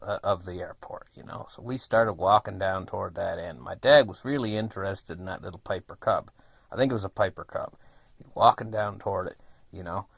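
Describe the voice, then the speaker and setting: In a casual storytelling vlog, a man in his fifties rambles folksily through a long childhood tale, filling it with fillers. His lowish voice is creaky yet fairly bright, recorded without echo.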